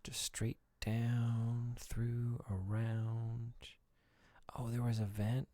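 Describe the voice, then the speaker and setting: A man's voice: medium pitch, little pitch movement, very slow, dark tone, a little hiss or hum. A male streamer chatting casually with viewers while thinking aloud through a game. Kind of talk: casual live-stream gameplay chat.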